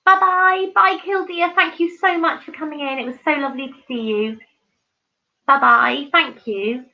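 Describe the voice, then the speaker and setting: A woman's voice: high voice, fairly even intonation, moderate pace. Chatty woman on a dull stream. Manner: chatty and effusive, many ums and restarts. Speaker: livestream host. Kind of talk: casual live-stream chat reading viewer comments.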